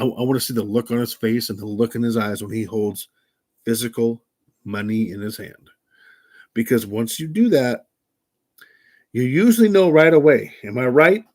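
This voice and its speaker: An older man hosting a livestream in casual chat, blunt and profane, given to ranting. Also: medium pitch. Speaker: livestream host.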